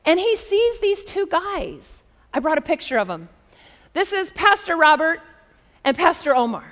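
A woman in her forties preaching a sermon, telling a story in a conversational, lively way with asides. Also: extremely high pitch, moderate pace. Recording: long reverb of a large hall.

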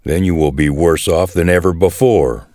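Guy reading it as a tough commander, low voice, scolding hard. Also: moderate pace, darkish tone, no room sound, studio quality, close to an everyday voice. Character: stern blunt male army commander.

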